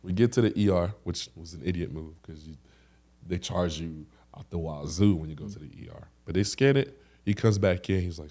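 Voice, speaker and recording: A young man co-hosting a podcast, telling stories in a lively way and acting out the action with sound effects. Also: deep voice, moderate pace. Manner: animated storyteller with sound effects. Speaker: podcast co-host. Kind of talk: casual podcast chat.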